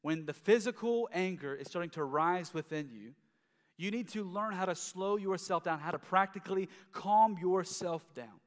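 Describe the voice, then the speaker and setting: A man's voice: high-pitched, moderate pace, big-room sound. A man in his thirties preaching a sermon as pastor, in a conversational way that often restarts and repeats words.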